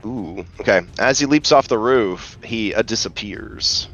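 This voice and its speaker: A man narrating as game master in a casual online tabletop session, relaxed and hesitant with many fillers. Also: fairly low pitch, measured pace, soft background music.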